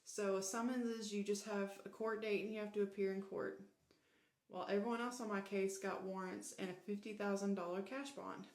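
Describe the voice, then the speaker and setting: A woman's voice: medium pitch, a little fast. Woman telling a candid personal story. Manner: candid, animated retelling with quoted dialogue. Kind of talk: casual storytime monologue.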